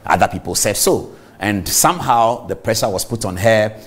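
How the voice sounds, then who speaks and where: A man's voice: on the low side, moderate pace, husky. A middle-aged man with a Ghanaian accent, hosting a TV talk show and delivering an emphatic commentary monologue straight to viewers. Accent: Ghanaian English. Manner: emphatic, animated, addresses viewers directly.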